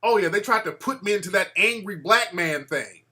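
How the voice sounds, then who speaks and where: A man hosts a call-in show, telling boastful stories in an animated voice. His voice sits high and swings widely in pitch. It has a bright, forceful edge. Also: normal speed. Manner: boastful, animated storytelling with acted quotes. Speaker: show host taking calls.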